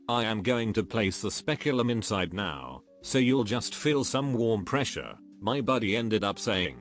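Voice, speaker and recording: A man narrating a series of reader-submitted stories in a steady, even, scripted reading. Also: fairly low pitch, measured pace, hardly any pauses. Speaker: narrator reading online posts. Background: faint background music.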